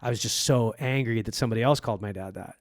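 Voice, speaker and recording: Man, 40s, from Egypt, comedian guest, casual storytelling, animated, acts out voices, middle pitch. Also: fast talker, dry recording, studio quality. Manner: animated, acts out quoted voices, swears freely.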